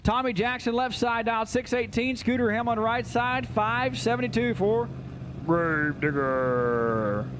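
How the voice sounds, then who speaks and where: High-voiced man calling drag races. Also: flat delivery, noisy background. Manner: rapid-fire jokey announcing. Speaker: drag racing announcer. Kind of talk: live race commentary over PA. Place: outdoor racetrack.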